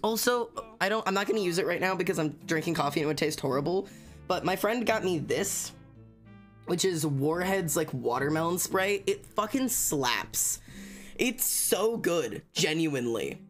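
A streamer in casual livestream chat, talking fast and excitably with frequent stammers and restarts. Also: mid-range voice.

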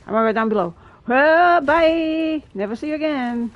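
Racing along in a slightly high voice, a woman gaming streamer comments live on her gameplay and chats with viewers. She exclaims often and laughs between remarks, and the sound quality is lo-fi.

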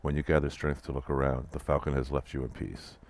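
This let's play player narrates interactive fiction in a very deep, extremely low voice, keeping the reading even and fairly quick. He breaks between passages for dry, wry asides on the unfolding events.

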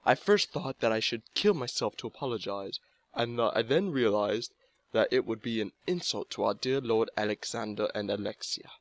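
A man's voice: fairly low pitch, normal speed, natural voice. A man voicing an elderly, formal and sorrowful male butler, reading a letter aloud. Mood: solemn.

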